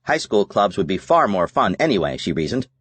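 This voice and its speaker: Low-voiced man narrating an audiobook. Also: slightly rough, dry recording. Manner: measured, even reading. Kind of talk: scripted narration.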